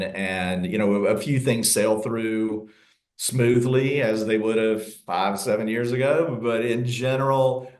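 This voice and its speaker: A man's voice: fairly low pitch, reverberant. A man with a Southern US accent, a real estate agent talking casually in an interview, repeating words and laughing often. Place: Los Angeles.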